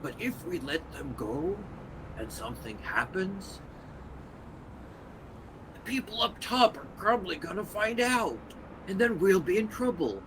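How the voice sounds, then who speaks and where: A man's voice: high voice, very animated, measured pace, long pauses, fairly bright tone, a little hiss or hum, pitched above the performer's own voice, full character voice, poor audio. A man voicing a fretful desert creature. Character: worried male desert creature named Rock.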